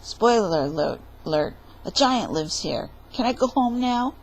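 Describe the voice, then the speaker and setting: A woman's voice: mid-range voice, sing-song, unhurried, creaky, husky, heavily acted, poor audio. A woman voicing a cheeky, whiny young man who talks back with sassy remarks.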